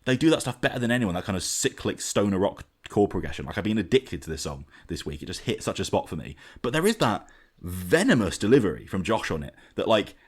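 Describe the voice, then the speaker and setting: A man with a fairly low voice talks through an album on a podcast. His delivery is casual and animated, full of fillers and quick restarts, like chatting with friends. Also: husky. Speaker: podcast host. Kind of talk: casual album review chat.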